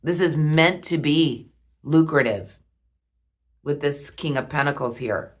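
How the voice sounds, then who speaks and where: A woman reading tarot cards, talking slowly and softly with heartfelt pauses. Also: low-pitched. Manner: slow, soft and heartfelt, with pauses. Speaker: tarot reader.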